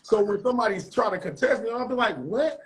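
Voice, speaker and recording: High-voiced St. Louis man. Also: quick pace, rough recording. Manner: talks in long winding explanations. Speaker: host. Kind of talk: casual debate.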